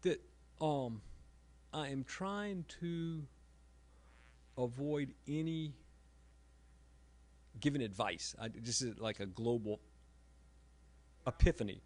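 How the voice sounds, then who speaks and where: A middle-aged man, an author and emergency room doctor, giving a halting talk with self-deprecating humor at a library event. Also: mid-range voice, expressive, a little mellow.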